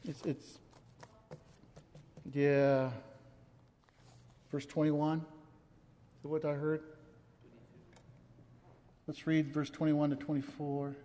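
A man's voice: on the high side, little pitch movement, slow pace, pauses often, dark tone. A man preaching a sermon in an impassioned, emotional way, repeating words for emphasis, recorded in a church sanctuary. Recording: long reverb from a large hall.

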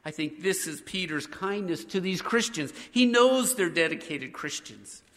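A man's voice: high voice, animated, unhurried, fairly bright tone, long reverb tail. A man preaching a sermon as pastor, speaking earnestly as he reads scripture aloud and leads his congregation in prayer.

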